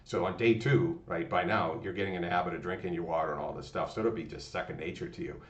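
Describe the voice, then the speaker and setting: A man's voice: deep voice, steady tone, quick pace. A man hosting a motivational channel, giving a rambling, folksy pep talk full of fillers and restarts. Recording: distant, roomy, dull lo-fi sound.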